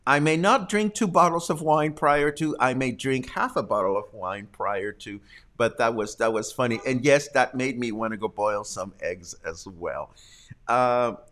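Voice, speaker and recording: A man's voice: medium pitch, measured pace, a bit bright. Chatty man hosting a news livestream. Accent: Mexican. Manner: chatty, prone to laughing fits. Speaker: host. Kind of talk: casual livestream chat.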